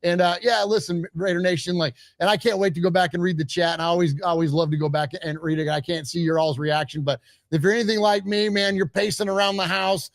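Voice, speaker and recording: A man co-hosting a live postgame sports show, talking with emphatic, excited fan energy and sounding out of breath. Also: sits high, fast talker, creaky, no room sound, clean studio sound. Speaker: co-host.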